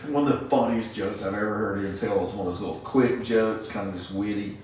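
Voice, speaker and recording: A man's voice: on the low side, brisk, darkish tone, slight background noise. Laid-back man with a roomy echo. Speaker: podcast host. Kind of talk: casual chat. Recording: very echoey room, mic far off.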